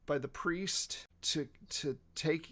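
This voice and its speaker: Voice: mid-range voice, sing-song, moderate pace, creaky, pitched above the performer's own voice. A game master voicing Jed, a panicky male cult lackey who stammers and pleads. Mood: pleading.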